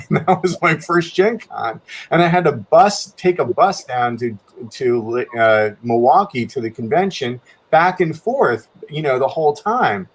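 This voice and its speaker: A man's voice: animated, a little slow, breathy edge. Rambling American man telling a story. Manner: rambling, many restarts, pitch jumps up when quoting himself. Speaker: guest artist telling a story. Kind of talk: casual storytelling chat.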